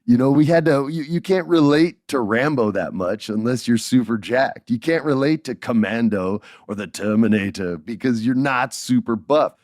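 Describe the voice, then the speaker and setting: A man in his forties hosting a podcast, telling stories in a lively, joking way and laughing as he goes. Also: medium pitch, normal speed, hardly any pauses, dry recording, studio quality. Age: 40s. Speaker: podcast host. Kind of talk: casual storytelling podcast.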